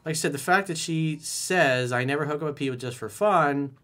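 A man giving blunt dating advice, reading a listener's letter aloud and reacting to it, acting out lines with sudden soft asides. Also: on the high side, moderate pace. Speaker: dating coach.

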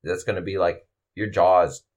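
A man's voice: deep voice, fairly even intonation, normal speed. Laid-back man telling stories, laughing often. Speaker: podcast co-host, BJJ referee. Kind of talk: casual chat.

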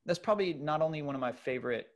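A middle-aged man telling a long personal story in casual conversation, loose and animated with many fillers and restarts. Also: on the high side, racing.

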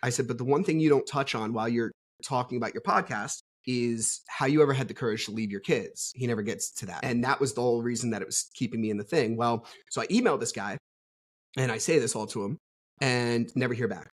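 A man's voice: mid-range voice, quick pace. A man guest on a podcast, talking casually and bluntly with plenty of swearing, telling his story candidly. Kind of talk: casual conversational interview.

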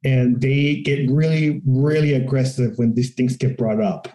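Profane, animated man in an echoey room. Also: mid-range voice, unhurried. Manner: profane, animated, acts out quotes. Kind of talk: casual political discussion.

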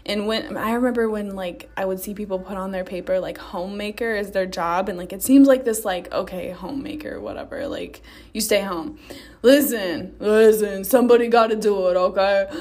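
A woman's voice: mid-range voice, steady tone, fairly quick, few pauses, darkish tone. A young woman talks straight to her listeners in a solo podcast, swearing freely as she pushes them to take charge. Her delivery is blunt and direct, like a friend giving tough-love advice. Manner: blunt, profane, pep-talk delivery. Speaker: podcast host. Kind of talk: motivational solo podcast monologue.

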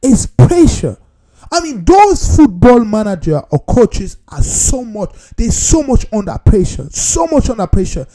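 Man, football commentator vlog, mellow voice, very lively pitch, keeps addressing viewers as "people.". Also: unhurried. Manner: animated, repetitive, talks straight to viewers as "people". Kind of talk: casual football opinion monologue.

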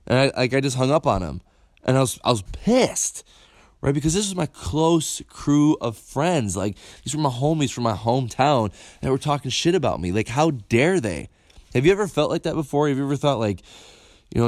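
A man's voice: medium pitch, brisk, no room sound. Blunt storytelling man, dry close sound. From upstate New York. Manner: candid, animated, swears freely, repeats words. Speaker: motivational speaker. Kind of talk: personal storytelling.

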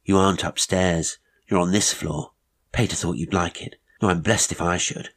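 A man's voice: sits low, steady tone, moderate pace, a bit bright. A man voicing a half-shy, sly teenage boy who confides hints in slangy, polite talk. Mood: confiding.

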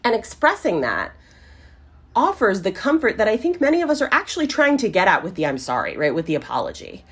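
A woman's voice: mid-range voice, huge pitch swings, a little fast, a bit bright, slightly rough. A woman hosting a solo podcast in a conversational way, often checking in with the listener and swearing casually. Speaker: podcast host.

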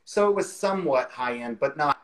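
A man's voice: fairly high pitch, expressive, fairly quick, low-quality recording. A man in his forties, the guest, telling a career story in a chatty way over a video call, with lots of "you know" fillers.

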